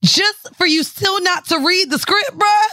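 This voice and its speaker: A woman's voice: very high voice, measured pace, no echo, clean studio sound. A woman co-hosting a podcast, teasing her co-host in loose, swearing banter. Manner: teasing, lively, swears freely.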